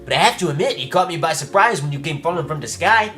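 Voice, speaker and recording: A man's voice: a little high, lively intonation, quick pace, bright, forceful tone, soft background music, voice pushed up. A man voicing an easygoing young ferryman in a video game, friendly and a little smug.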